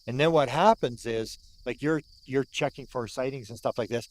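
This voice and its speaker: A Canadian man in his sixties, an older UFO researcher, tells an animated story outdoors at a sighting site, recounting what happened there. He speaks at medium pitch and a moderate pace, repeating words for emphasis and acting out what people said.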